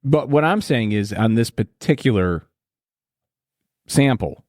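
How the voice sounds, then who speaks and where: A man's voice: medium pitch, lively intonation, unhurried, a little mellow, dry recording, studio quality. Crude, joking male podcast host. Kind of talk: casual chat.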